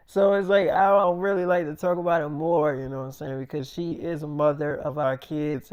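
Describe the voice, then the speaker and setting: A man's voice: a little high, darkish tone, clear, resonant tone, dry recording, clean studio sound. A young man telling a rambling, improvised story in a casual, profane way, full of fillers like "you know.".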